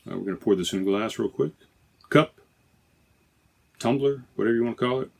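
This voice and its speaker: A man's voice: mid-range voice, a little fast, vocal fry. A man hosting a podcast in casual chat, rambling and correcting himself as he talks from inside a trailer. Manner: rambling, self-correcting, chatty. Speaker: podcast host. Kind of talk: casual beer-tasting chat.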